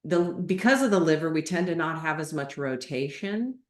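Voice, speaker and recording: A woman yoga teacher giving calm, measured guidance in an online class. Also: low-pitched. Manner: calm, measured instruction with gentle reassurance. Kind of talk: guest instruction in a live online class. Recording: echoey room.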